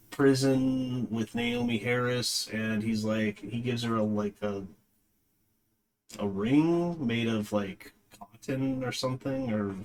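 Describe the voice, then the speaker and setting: A man reviewing a movie in a casual, rambling way, with lots of fillers and a dismissive tone. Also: medium pitch.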